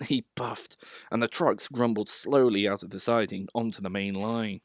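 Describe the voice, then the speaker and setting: A man narrating a children's storybook in an expressive, animated reading voice. The recording is close and dry, with no room sound. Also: medium pitch, normal speed, dry recording.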